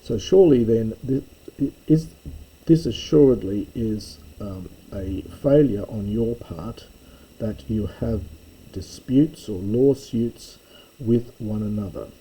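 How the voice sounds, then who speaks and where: Man, teacher, low dark voice, slow unhurried explaining. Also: husky, low-quality recording. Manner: unhurried, explaining word by word with fillers. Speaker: Greek teacher. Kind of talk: slow reading lesson.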